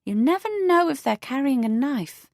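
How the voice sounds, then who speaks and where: A woman's voice: sits high, animated, moderate pace, darkish tone, dry recording, pitched above the performer's own voice. A woman voicing a prim, gossipy elderly neighbour who talks in a fussy, lilting way, in a dry studio audiobook reading. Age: older.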